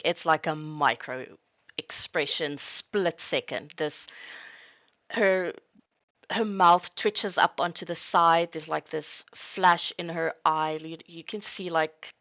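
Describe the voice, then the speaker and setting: A woman's voice: lowish voice, creaky, a bit bright, no room sound, highs cut off. A woman narrating a tabletop game as game master, describing scenes in a chatty way with frequent restarts.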